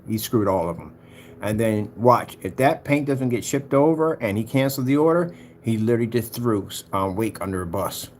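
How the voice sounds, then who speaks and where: A man ranting in a taunting, mocking way to his viewers, jumping between loud jabs and low mutters. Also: a little hiss or hum. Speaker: vlogger. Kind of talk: ranting monologue to camera.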